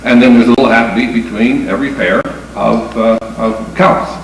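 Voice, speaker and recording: A man's voice: medium pitch, fairly even intonation, normal speed. A man giving a lecture on dance music, explaining step by step and counting beats aloud. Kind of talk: lecture with demonstration. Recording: echoey room from far off with faint noise.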